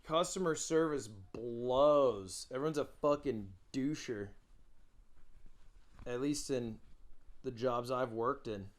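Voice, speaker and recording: A man's voice: mid-range voice, slow, pauses often. A young adult man streamer giving casual, joking reaction commentary, blunt and full of swearing.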